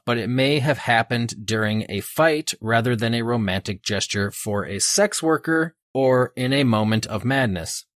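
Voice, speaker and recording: A man's voice: medium pitch, dry recording, clean studio sound. A man co-hosting a podcast in casual chat, telling stories in an easygoing way. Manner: easygoing, storytelling, laughs often. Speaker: podcast co-host.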